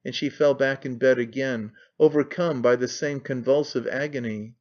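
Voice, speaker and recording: A man's voice: medium pitch, fairly even intonation, moderate pace, darkish tone. Male audiobook narrator, lo-fi.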